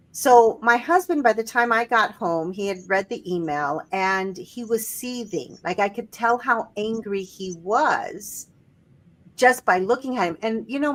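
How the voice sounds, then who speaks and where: A middle-aged woman co-hosting a casual spiritual podcast, telling stories and acting out quoted voices with animation. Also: mid-range voice. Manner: storytelling, animated when quoting others. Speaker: podcast co-host. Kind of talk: casual conversation.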